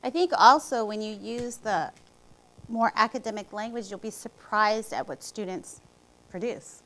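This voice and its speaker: A woman's voice: mid-range voice, a little slow, a bit bright, low-quality recording. A woman educator co-presenting at a teacher training, sharing a classroom anecdote and prompting the audience to discuss.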